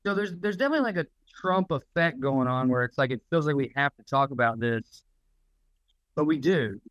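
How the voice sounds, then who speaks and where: A man's voice: medium pitch, expressive, fairly quick, a bit bright, dry recording. Ranting profane man, dry dull sound. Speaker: podcast co-host. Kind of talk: casual chat.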